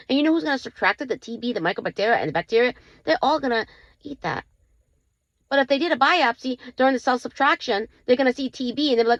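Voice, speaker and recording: A woman's voice: high-pitched, lively intonation, fast, no echo, lo-fi sound. A woman host giving a casual health talk to her viewers, emphatic and full of rhetorical questions. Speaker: channel host.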